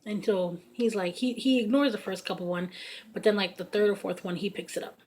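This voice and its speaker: A woman's voice: medium pitch, a little fast, slight background noise. A woman in her thirties telling a personal story in casual storytime fashion, blunt and profane, with lots of fillers. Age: 30s. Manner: blunt, profane, animated retelling full of fillers.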